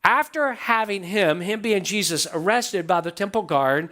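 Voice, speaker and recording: A man's voice: high-pitched, lively intonation, moderate pace, sharp tone. A man pastor preaching a sermon to his church, stressing points by repeating phrases and asking the congregation questions. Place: church sanctuary.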